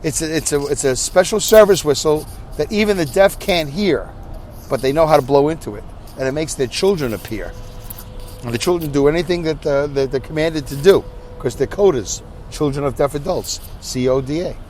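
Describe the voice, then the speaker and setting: A man's voice: fairly high pitch, normal speed, a little hiss or hum. A tired middle-aged man, hosting a podcast and telling a rambling story, acting out both sides of a conversation. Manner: animated, acts out dialogue, rambling and self-interrupting. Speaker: podcast host. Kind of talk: casual storytelling monologue.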